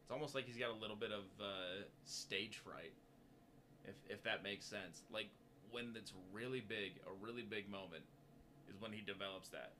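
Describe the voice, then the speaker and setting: A man's voice: on the low side, normal speed, sharp tone, a little hiss or hum. A man co-hosting a casual sports talk show, easygoing and joking. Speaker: podcast co-host.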